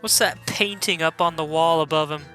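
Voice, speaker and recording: A man's voice: on the high side, moderate pace, pushed and bright, soft background music. A man giving casual game commentary in a chatty, self-deprecating way. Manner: chatty, self-deprecating, laughs at own slips. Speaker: let's play host.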